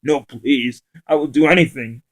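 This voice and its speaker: A man's voice: mid-range voice, drawn-out words, gravelly, darkish tone, husky, heavily acted. A man voicing a terrified male captive who stammers, sobs and begs for his life. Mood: panicked pleading. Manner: frantic, stammering, sobbing pleas. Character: panicked pleading male captive.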